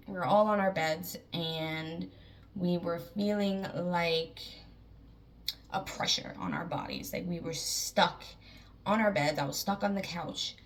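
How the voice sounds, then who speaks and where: A woman's voice: lowish voice, animated, takes it slowly, distant mic. A woman casually retelling a frightening dream, with many fillers and repeated phrases, a little away from the mic. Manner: rambling, filler-heavy, lots of "like". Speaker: artist telling a dream story. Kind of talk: casual storytelling.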